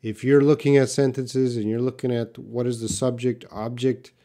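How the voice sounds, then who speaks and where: Canadian man, English teacher, live-stream Q&A, blunt, reads out comments, mid-pitched voice. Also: little pitch movement, normal speed, mellow. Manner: direct, reads viewer comments aloud and answers them.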